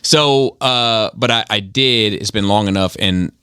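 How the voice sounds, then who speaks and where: Male podcast host, lowish voice, halting casual delivery, dry mic. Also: pushed and bright, clear, resonant tone, no room sound. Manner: halting, many restarts and fillers. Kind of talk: casual chat.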